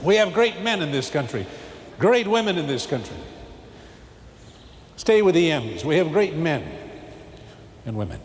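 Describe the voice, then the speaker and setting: Brief: folksy, animated male pastor, big church reverb, faint room ambience behind. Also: fairly high pitch, unhurried, long pauses, a little hiss or hum. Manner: folksy, animated preaching with rising emphatic peaks. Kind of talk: televised sermon. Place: large church. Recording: long cathedral echo, faint ambience.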